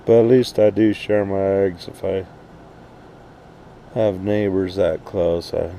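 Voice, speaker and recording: A man vents in a blunt, profanity-laced ramble, his voice low, gravelly and very dark. He talks slowly and unhurriedly, as if hanging around outside. He is recorded outdoors at night, with a faint hum of noise behind him. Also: fairly even intonation. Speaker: RV vlogger. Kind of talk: casual rant to camera.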